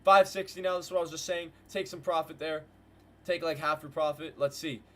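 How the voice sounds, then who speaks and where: Excitable man hyping live trades. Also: on the high side, a little fast. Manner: hyped, slangy, talks to chat with "guys" and "bro"; repeats phrases in bursts. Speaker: trading livestream host. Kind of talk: live market commentary. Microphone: desk mic with headphones.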